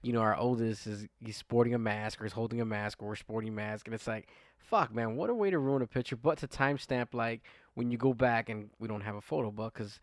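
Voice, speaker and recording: A man's voice: mid-range voice, brisk, no room sound, studio quality. A man co-hosting a podcast in casual chat, rambling through stories with plenty of swearing. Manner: profane, rambling storyteller. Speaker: podcast co-host.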